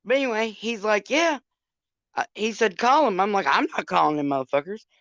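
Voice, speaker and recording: A woman's voice: medium pitch, very animated, fairly quick, a bit bright, no echo. An older woman telling a story on a casual livestream, profane and chatty, talking straight to her viewers. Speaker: livestream host. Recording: dull lo-fi sound.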